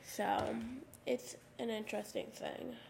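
A teenage girl hosting her own podcast, raspy with a slight lisp on her s sounds, rambling casually with lots of "like" fillers into a USB microphone. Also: a little high, level tone, takes it slowly, a little mellow, a little hiss or hum. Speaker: podcast host. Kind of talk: casual solo podcast talk. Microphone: USB microphone at a computer.

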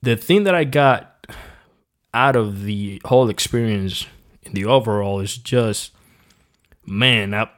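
A man who used to rap, a guest on a casual podcast, telling stories in a profane, animated way with many restarts. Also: on the low side, slow, pauses often. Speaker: podcast guest, former rapper. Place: small home recording room.

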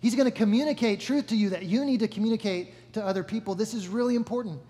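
A man giving a sermon as pastor, relaxed and joking, often correcting himself mid-sentence. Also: high-pitched, fast talker. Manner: casual, joking, self-correcting. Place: church hall. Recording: long reverb of a large hall.

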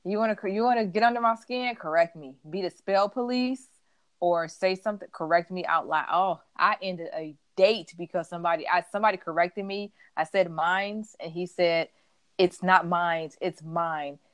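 A woman co-host chats casually on a podcast, spinning stories and playing out the lines people said to her. Her voice sits on the low side. The sound is dry and close. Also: brisk, no echo. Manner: animated storytelling, acts out quotes. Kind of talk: casual chat.

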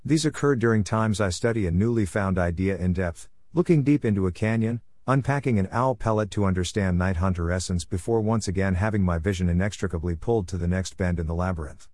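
Guy reading his own story aloud, low voice, measured and wry, dry close sound. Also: darkish tone, dry recording. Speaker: narrator.

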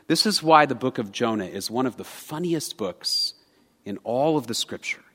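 Bright-voiced man preaching in a church. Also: medium pitch, animated, normal speed. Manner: storytelling, earnest and conversational. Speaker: pastor. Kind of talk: sermon. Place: church sanctuary. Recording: church hall with long reverb.

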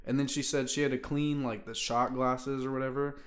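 A man's voice: medium pitch, little pitch movement, a little fast. Young man chatting in slang. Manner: loose, slangy, swears freely. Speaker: podcast guest. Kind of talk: casual chat.

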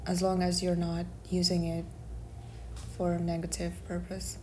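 A woman's voice: on the low side, completely flat delivery, normal speed, mellow, slight background noise. A young woman hosting a podcast, chatting casually and agreeably and laughing easily. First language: not German. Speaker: podcast host.

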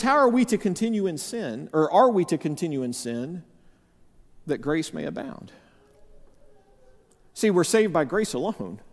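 A man preaching a sermon as pastor, stressing key phrases by slowing down and leaning into them. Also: on the high side, darkish tone. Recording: reverberant hall.

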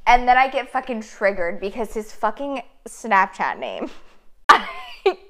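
Woman, casual chat, animated storytelling, swears a lot, acts out messages. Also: a little high, measured pace.

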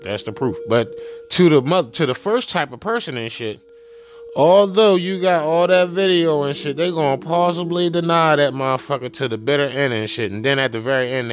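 A man talking loosely and profanely in a rambling casual monologue, full of fillers and repeated asides. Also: mid-range voice. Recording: music playing behind the voice.

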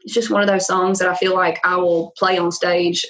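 Guest: young Southern woman with a thick Louisiana drawl, lively, laughing, casual podcast chat. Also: fairly low pitch, moderate pace, rough recording. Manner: laughs often, animated storytelling. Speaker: country singer-songwriter guest.

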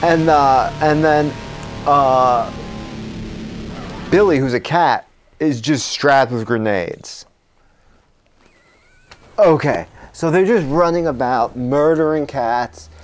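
A man co-hosting a comedy podcast, spinning an improvised horror movie plot aloud. He talks in a fairly high voice, full of fillers and restarts. He rambles on energetically, frequently breaking into laughter. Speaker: podcast co-host.

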